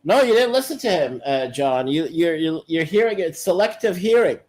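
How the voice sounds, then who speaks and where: An insistent man with a high voice, a regular on a call-in talk show. He keeps contradicting the others. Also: animated, moderate pace, darkish tone.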